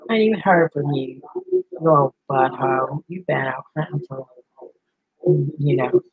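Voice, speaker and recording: A woman's voice: sits low, expressive, normal speed, husky, narrow, tinny audio. An older woman, a grandmother hosting a rambling, casual livestream chat with her viewers. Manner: chatty, rambling, talks to viewers and pets. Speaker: livestream host.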